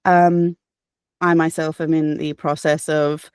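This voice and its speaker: An Australian woman with a slightly low voice speaks earnestly as an interview guest. She thinks aloud, restarting sentences and filling pauses. The sound is dry and close, with no room echo. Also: level tone, darkish tone, smooth. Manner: reflective, earnest, many fillers and restarts, occasional laughs. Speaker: guest, audiobook narrator and voice actor. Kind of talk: casual interview chat.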